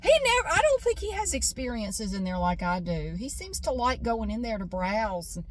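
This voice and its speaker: A middle-aged woman with a slightly high voice, rambling through a shopping story in casual vlog chatter. She rants with exasperation and throws in plenty of swearing. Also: sing-song, moderate pace, hardly any pauses, a little hiss or hum. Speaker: vlogger.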